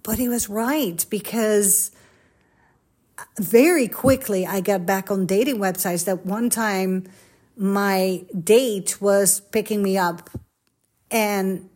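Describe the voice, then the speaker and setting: A woman talks to the camera in a loose, confessional way and keeps jumping from one personal story to the next. She speaks at a mid pitch, sounds candid and chatty, and acts out the people she quotes as she goes. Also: slow, darkish tone. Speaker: social media coach. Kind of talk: confessional casual chat.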